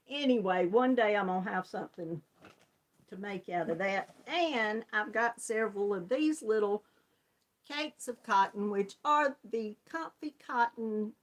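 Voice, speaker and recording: A woman with a Southern US accent hosting a casual live crochet chat, greeting viewers by name and laughing often. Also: mid-range voice. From Georgia, US. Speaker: crochet channel host.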